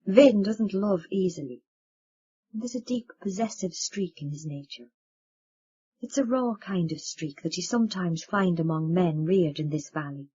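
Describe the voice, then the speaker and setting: A woman's voice: on the low side, normal speed, dark tone, husky. A woman voicing an older Irish father with a lilting, confiding way of talking, in a dull lo-fi recording. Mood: soothing. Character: older Irish father, warm, rambling, self-mocking man.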